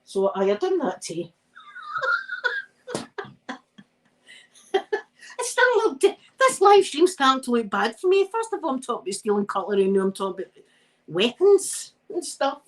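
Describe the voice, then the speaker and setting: A woman's voice: sits high, very animated, moderate pace, long pauses, poor audio. A Scottish woman chatting on a live stream while she irons, telling rambling stories and laughing often. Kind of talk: casual chat while ironing.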